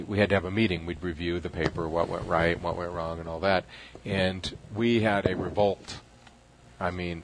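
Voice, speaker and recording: Middle-aged man, rambling talk-show host, lowish voice, audible background noise. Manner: relaxed, rambling with many fillers and laughs. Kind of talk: casual chat. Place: restaurant.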